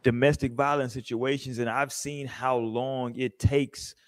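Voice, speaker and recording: A man's voice: mid-range voice, a little slow, dry recording, studio quality. Slangy male podcast host. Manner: relaxed, slangy, joking. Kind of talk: casual chat.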